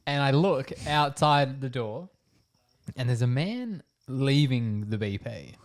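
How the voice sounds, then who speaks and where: A man's voice: medium pitch, animated, takes it slowly. A young man, a podcast co-host, telling a rambling story in casual chat and laughing through it.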